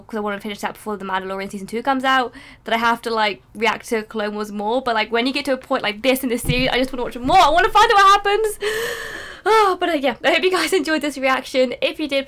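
A woman's voice: fairly high pitch, a bit bright. A woman hosting a reaction channel, ranting emotionally in casual commentary and swearing freely.

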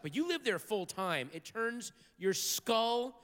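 A man doing a stand-up comedy routine on a theater stage, telling stories with sudden shouted outbursts. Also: high-pitched, very animated, slow pace. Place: large theater stage with live audience. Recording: live hall recording with crowd.

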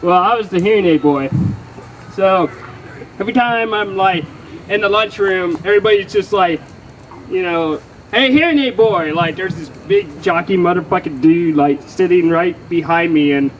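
Caught on a low-quality recording with a little hiss or hum, a young Texan comedian performs at normal speed for a live crowd. His voice sits high, and his profane, rambling bit is full of fillers and jokes at his own expense as the audience laughs.

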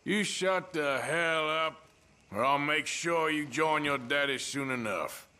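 A menacing outlaw robber. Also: male voice, high voice, steady tone, moderate pace, slight background noise. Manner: menacing, clipped threats. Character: hardened outlaw man, threatening robber. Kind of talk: video game cutscene acting. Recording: game audio under loud music.

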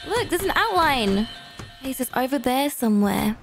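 High-voiced jumpy woman gaming. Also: very animated, moderate pace, vocal fry, music in the background. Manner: jumpy and easily frightened, gasping often. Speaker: gaming channel host. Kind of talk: let's play gameplay commentary.

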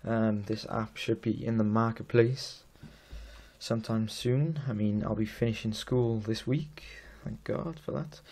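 His pitch is fairly low and his intonation fairly even, with a slightly slow pace and a somewhat mellow quality. The speaker is a Welsh teenager informally demoing an app he created at home, wandering off track and joking at his own expense.

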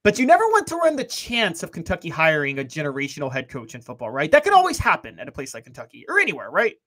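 A man's voice: a little high, huge pitch swings, quick pace, a bit bright. A young man co-hosting a sports talk show, making his points in an emphatic, argumentative way.

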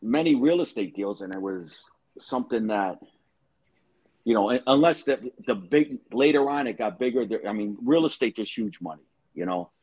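A man's voice: medium pitch, lively intonation, moderate pace, darkish tone, husky, lo-fi sound. A man hosting a casual live-stream chat over a video call, rambling with many restarts. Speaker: show host.

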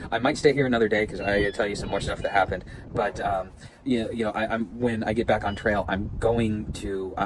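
A man telling a rambling, animated story about his hike in a casual outdoor vlog with lots of restarts. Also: on the low side. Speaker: vlogger. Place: outdoors at a campsite. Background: wind and outdoor ambience.

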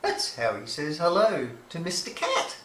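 A woman's voice: fairly low pitch, wildly swooping pitch, measured pace, a bit bright, far from the mic, a little hiss or hum. A woman reading a children's picture book aloud, playfully imitating animal sounds. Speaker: storybook reader. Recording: echoey room.

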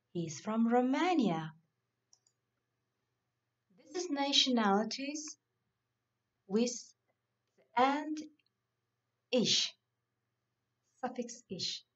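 A woman teacher going slowly through English vocabulary lists of countries and nationalities in a classroom lesson. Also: on the high side. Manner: reads word lists slowly and deliberately. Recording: dull lo-fi recording.

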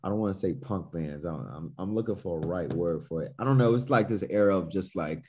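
A man's voice: low-pitched, fast talker, a little mellow, slight background noise. A man telling stories on a podcast in a laid-back, loose way, swearing freely and acting out his own past reactions. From Newark, New Jersey. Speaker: podcast guest, musician. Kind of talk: casual storytelling chat.

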